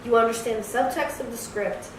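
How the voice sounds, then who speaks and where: Heard from a distant mic in an echoey room with a noisy background, this fairly high-pitched woman talks a little fast. She's a podcast co-host in a casual chat about movies, blunt and opinionated, slipping into mock voices for effect.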